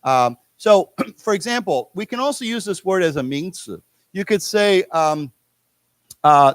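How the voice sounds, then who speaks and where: A man with an American accent teaching an English class in a lecture room. His voice sits a little high for a man and is recorded dry and close. He explains each word patiently and has the class say it back. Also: expressive, no echo. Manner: explains words slowly, repeats them, drills the class. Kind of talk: English lesson for Chinese speakers.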